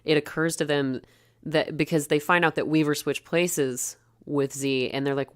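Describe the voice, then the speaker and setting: A woman co-hosting a podcast, chatting casually about a film and retelling its scenes with quick voiced quotes. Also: sits low, level tone, clear, resonant tone. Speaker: podcast co-host. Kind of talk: casual film-discussion chat.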